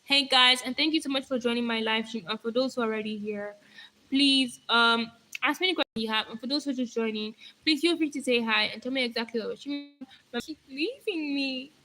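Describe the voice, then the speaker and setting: A young woman rambles playfully to her live stream viewers, picking up their comments as she goes. Her voice is bright and fairly high, with a slight hoarseness from talking. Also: fairly quick, a little hiss or hum, low-quality recording. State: voice going hoarse.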